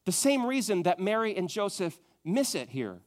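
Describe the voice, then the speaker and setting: A man preaching a sermon, moving from loud emphatic questions to a soft, hushed tone. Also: high-pitched, very animated, moderate pace. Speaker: pastor.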